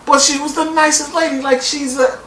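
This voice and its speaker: A woman reviewing a TV show in a casual vlog, talking in a loud, profane way and mocking people with put-on voices. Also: high voice, brisk, reverberant, recorded from a distance, poor audio. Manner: animated, profane, mocks people by quoting them in put-on voices.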